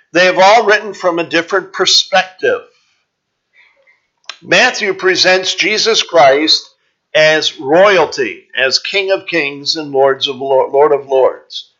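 Bright-voiced preacher man on a dull recording. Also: fairly high pitch. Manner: measured, explanatory, with frequent "uh" pauses. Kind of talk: Bible teaching sermon.

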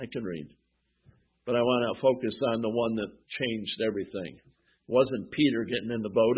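A pastor preaching a sermon who asks the congregation questions and answers them himself. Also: male voice, mid-range voice, slightly rough. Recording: tinny phone-like sound.

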